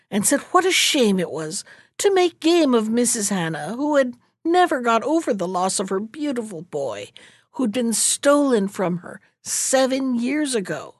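Female fairy-tale reader, animated delivery, dry close mic. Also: a little high, dry recording. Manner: expressive, storytelling.

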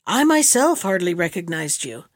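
A woman's voice: lowish voice, sing-song, normal speed, no echo, studio quality, voice pushed down. A woman reading the part of a motherly noble wife of a vizier, speaking earnestly and pleadingly.

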